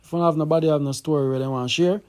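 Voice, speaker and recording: A Jamaican man hosting a casual call-in show, giving shout-outs and bringing the caller on in loose patois. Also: fairly high pitch, steady tone, racing.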